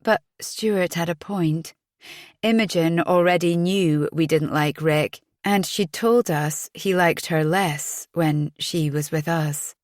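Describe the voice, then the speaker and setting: A woman narrating a thriller audiobook in a measured storytelling voice. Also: on the low side, darkish tone, dry recording, studio quality. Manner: measured storytelling, voicing each character in dialogue.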